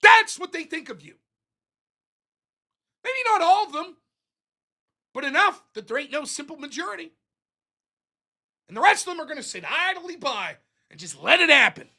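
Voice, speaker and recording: A man from the United States hosts a political livestream and rants with sarcastic, profane heat. His voice sits high and bright, and his pitch leaps about as he swings from mock calm to shouting. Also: normal speed, pauses often. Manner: sarcastic, profane, heated ranting. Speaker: political talk show host.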